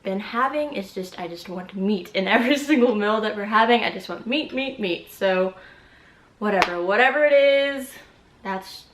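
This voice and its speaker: A woman's voice: medium pitch, animated, normal speed, a little hiss or hum. Bubbly chatty woman, echoey room. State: out of breath. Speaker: vlogger. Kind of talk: casual pregnancy update vlog.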